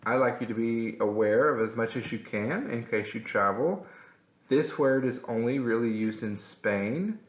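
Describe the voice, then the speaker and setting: A man teaching a Spanish lesson, patient and clear, repeating words slowly for his students. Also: mid-range voice. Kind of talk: classroom-style language lesson. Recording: echoey room, slightly dull sound.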